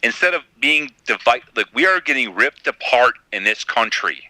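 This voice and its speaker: A man's voice: mid-range voice, lively intonation, normal speed, sharp tone, dry recording, rough recording. Blunt, swearing man in a heated debate. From United States. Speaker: podcast host.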